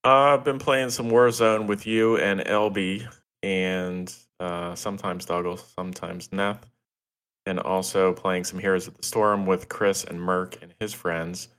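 A man's voice: sits low, fairly even intonation, measured pace, fairly bright tone, smooth. A man co-hosting a gaming podcast, dry and teasing. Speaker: podcast co-host. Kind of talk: casual podcast chat.

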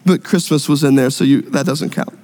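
A male pastor preaching a sermon in a church sanctuary, with earnest, repetitive emphasis and drawn-out key words. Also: medium pitch, warm tone. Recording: long reverb in a large hall.

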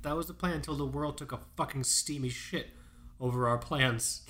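A man in his thirties co-hosting a casual podcast chat, telling animated stories, swearing and acting out quotes. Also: mid-range voice, moderate pace, a crowd in the background. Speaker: podcast co-host.

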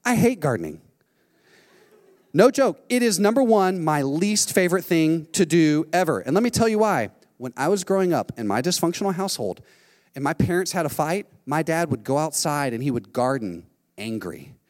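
A middle-aged man preaching a sermon, telling a lively story and acting out what people said. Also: a little high, moderate pace. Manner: animated storytelling, acting out quotes. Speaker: pastor. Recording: long hall reverb.

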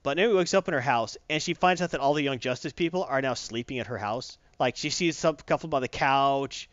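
A man casually retelling a comic book story, acting out lines in quick voices. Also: mid-range voice, fairly bright tone, dry recording, dull audio. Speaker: comic recap host.

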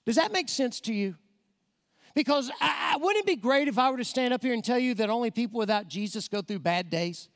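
A man preaching, his voice pitched unusually high for a man. He speaks to the congregation directly and with emphasis, racing through some lines and drawing out others. The sound carries a long, ringing reverb from a large church hall. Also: animated, a little fast, fairly bright tone. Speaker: guest preacher. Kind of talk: evangelistic sermon. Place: church sanctuary.

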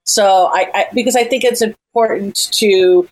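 A woman's voice: medium pitch, moderate pace, a little mellow. A woman hosting a casual group conversation in a chatty, upbeat way.

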